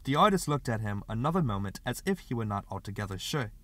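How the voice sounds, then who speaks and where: A man narrating a literary short story as an audiobook reader, in a steady, expressive way. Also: fairly low pitch, quick pace, no room sound.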